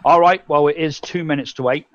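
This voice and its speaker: A man's voice: fairly high pitch, steady tone, a little fast. English guy rambling on a live stream, cusses a lot, kinda dull lo-fi sound. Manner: rambling, swears freely, acts out his own thoughts. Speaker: co-host. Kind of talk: casual live-stream chat.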